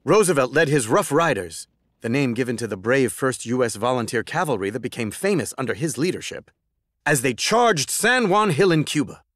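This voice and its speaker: Lively male storybook narrator. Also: medium pitch, normal speed, no echo, clean studio sound. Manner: expressive, lively reading.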